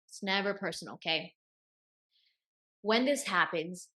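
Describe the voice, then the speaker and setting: A woman's voice: medium pitch, a bit bright. A young woman hosting a self-help video, giving casual motivational advice and repeating key phrases for emphasis.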